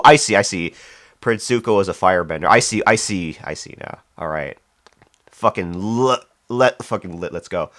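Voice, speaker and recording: A man's voice: on the low side, fairly bright tone, no echo, studio quality. A man streaming live, chatting casually and rambling between chat messages, with many fillers and restarts.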